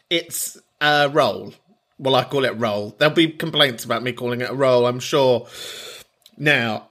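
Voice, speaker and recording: A man hosting a comic podcast, talking in a theatrical, teasing way with sudden loud outbursts. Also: mid-range voice, moderate pace. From Ireland. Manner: theatrical, teasing, bursts into shouts. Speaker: podcast host.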